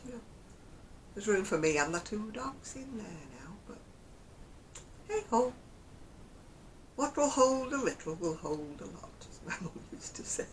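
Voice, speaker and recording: Woman, Lancashire accent, rambling casual vlogger with a lively rising-and-falling delivery. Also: mid-range voice, slight background noise, poor audio. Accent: Northern English, Lancashire. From Oldham, England. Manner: chatty and rambling, chuckles often. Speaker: crochet vlogger. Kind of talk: casual chat to camera.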